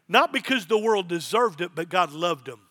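A man's voice: sits high, animated, normal speed, fairly bright tone. A middle-aged man, a pastor, preaching a sermon with emphasis and repeated phrases.

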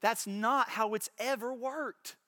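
A man's voice: very high-pitched, steady tone, slow pace, pushed and bright, no echo, studio quality. A man preaching a sermon as pastor, impassioned, repeating words and acting out little voices.

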